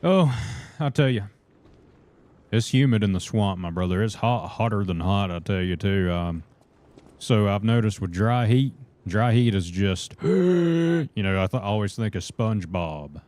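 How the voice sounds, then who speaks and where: Young Southern man, low voice, loose folksy live-stream game commentary. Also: moderate pace, a little mellow. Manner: folksy, calls viewers brother. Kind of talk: casual live gaming commentary.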